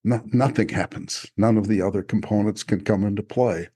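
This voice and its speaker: A man, an author, talking in a relaxed podcast conversation, reflective and often chuckling as he restarts his sentences. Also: fairly low pitch, normal speed, husky. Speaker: author discussing his spiritual experiences. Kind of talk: casual conversational podcast talk.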